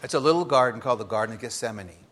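A middle-aged man delivering a sermon at an ordinary pitch for a man. He reads scripture with rising force, then drops low and quiet when he turns personal. His delivery is lively and conversational. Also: rapid-fire, slightly rough. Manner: lively, with dramatic swings between loud emphasis and hushed confession. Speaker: pastor.

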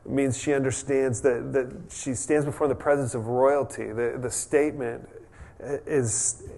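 A man's voice: mid-range voice, unhurried, creaky. Chatty man preaching a sermon. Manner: relaxed and chatty, with frequent restarts and humorous asides. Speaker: pastor. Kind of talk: conversational sermon.

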